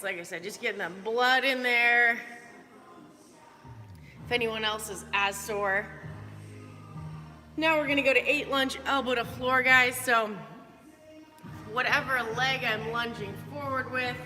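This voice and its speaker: A woman's voice: on the high side, a little slow, long pauses, sharp tone. A young woman chatting upbeat with viewers by name while coaching a live workout. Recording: roomy hall reverb. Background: faint background music.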